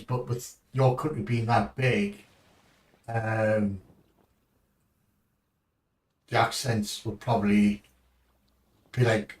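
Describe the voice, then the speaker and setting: Slow rambling English man gaming. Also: medium pitch, recorded from a distance. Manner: rambling, chatty, casually swearing. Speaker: streamer. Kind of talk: casual gaming commentary.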